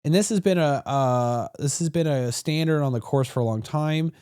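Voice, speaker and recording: A man co-hosting a casual podcast, explaining calmly and encouraging his co-host. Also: fairly high pitch, moderate pace, clean tone, no room sound, studio quality.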